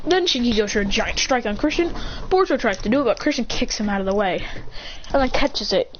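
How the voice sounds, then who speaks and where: A woman retelling an imagined fan story in a rushed, excited way, on a slightly dull lo-fi recording. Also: a little high, noisy background.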